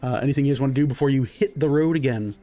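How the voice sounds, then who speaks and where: A man as game master, narrating a tabletop game in a relaxed way with many fillers. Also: medium pitch, very fast, soft background music.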